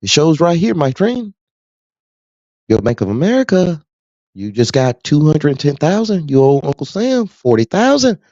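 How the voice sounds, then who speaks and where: Brief: calm tax advisor guy, put on by a trucker man, matter-of-fact, dull dry sound. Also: on the high side, normal speed, no room sound. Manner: matter-of-fact, repeats "my friend". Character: calm male tax advisor breaking bad news.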